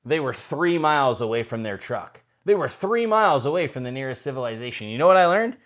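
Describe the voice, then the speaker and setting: This podcast co-host, a man recording in a studio, is an animated storyteller who performs the quotes and laughs a lot during casual chat. He talks fairly quickly in a mid-range voice.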